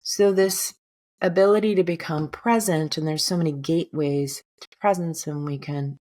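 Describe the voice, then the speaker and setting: A woman speaking as a healer on an interview podcast, calm and gentle, at times leading a guided breathing meditation. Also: low-pitched, normal speed. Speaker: guest healer and hypnotherapist.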